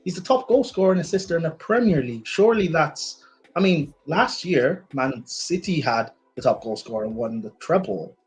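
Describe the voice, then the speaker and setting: A man's voice: fairly high pitch, lively intonation, moderate pace, voice pushed up, lightly acted, poor audio. A man improvising as a skeptical male club owner who grills his manager with probing questions in a comedic role-play. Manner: probing, reading off the record.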